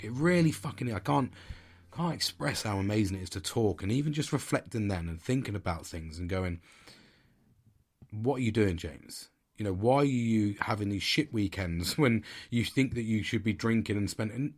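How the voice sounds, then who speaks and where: A man's voice: on the low side, slightly rough. A man in his forties hosting a casual solo podcast, blunt and reflective, swearing a lot and rambling as he thinks aloud. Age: 40s. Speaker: podcast host. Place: sitting at home.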